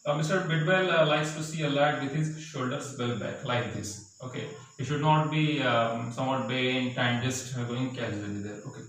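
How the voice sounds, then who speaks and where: A man's voice: mid-range voice, fairly even intonation, moderate pace, few pauses, a bit bright. A male college lecturer with an Indian English accent, explaining a story in class and checking in often with "okay" and "right?". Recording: very echoey room, mic at a distance.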